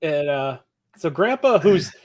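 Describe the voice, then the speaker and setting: A man co-hosting a podcast, chatting loosely through an episode recap and breaking into laughter between points. His voice sits a little higher than most men's. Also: sing-song, measured pace, a little mellow. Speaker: podcast co-host. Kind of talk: casual chat recapping a TV episode.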